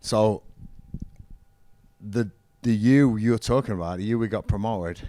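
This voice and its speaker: A man's voice: lowish voice, a little slow, mellow, no echo. A middle-aged man in a casual interview, telling stories in an enthusiastic, rambling way. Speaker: interview guest, former football manager and musician. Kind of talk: casual chat.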